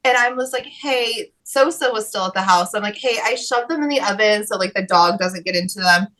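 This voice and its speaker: Brief: female co-host, bright and animated, swears freely. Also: mid-range voice, a little fast, poor audio. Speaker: podcast co-host. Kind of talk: casual profane chat.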